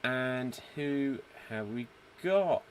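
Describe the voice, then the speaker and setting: A man's voice: medium pitch, lively intonation, drawn-out words, slight background noise. A man hosting a live online improv show, reading viewer comments and setting up scenes. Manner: easygoing, reads out viewer comments, sets up scenes. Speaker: host.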